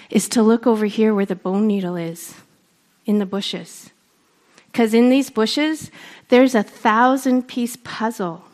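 A woman from Canada, a storyteller, giving an earnest public speech with deliberate emphasis. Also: fairly high pitch, darkish tone. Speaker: storyteller and speaker.

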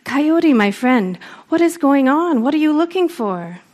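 A woman doing a caring, high-voiced storybook owl. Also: expressive, a little slow. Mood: concerned. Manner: concerned, gently questioning. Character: helpful caring male owl.

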